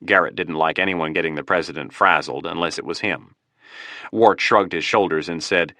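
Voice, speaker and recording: A man narrating an audiobook thriller in a steady, measured way on a close mic. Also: deep voice, dry recording.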